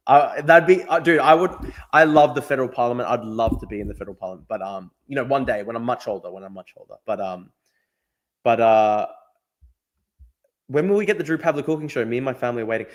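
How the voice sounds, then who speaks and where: A young Australian man hosts a casual live stream, chatting and answering his chat at a fast clip. His voice is medium-pitched, and he often repeats himself.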